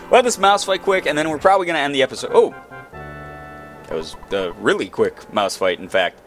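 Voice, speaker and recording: A man's voice: on the high side, animated, fairly quick, a bit bright, faint music behind. A man giving casual, goofy commentary while playing a video game, joking with the characters on screen. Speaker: let's play gamer.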